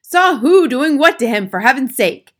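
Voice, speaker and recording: A blustering middle-aged father rants and shouts in an indignant, bullying way, as a woman reading the story puts him on. He is pushy and loud, a blowhard in a storybook. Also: medium pitch, normal speed, close to an everyday voice.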